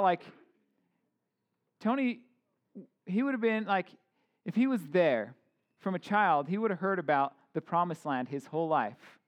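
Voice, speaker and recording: A man in his thirties preaching a casual sermon, informal, with joking asides and many fillers and restarts. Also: high voice. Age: 30s. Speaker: pastor.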